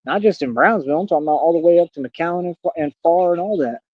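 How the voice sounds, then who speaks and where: A man's voice: on the high side, fast talker, no room sound. A man in his thirties ranting on a livestream in a brash, boastful, confrontational way. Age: 30s. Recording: dull lo-fi dry sound.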